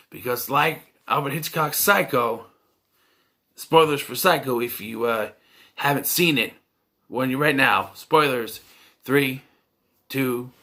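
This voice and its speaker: Casting: man, bright forward tone, loose rambling reviewer with lots of ums. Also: medium pitch. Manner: rambling, many fillers and restarts. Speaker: movie reviewer.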